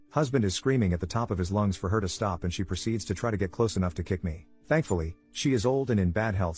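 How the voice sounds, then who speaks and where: A man narrating a first-person reddit story in a brisk, even reading voice. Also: lowish voice, slightly rough. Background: faint background music.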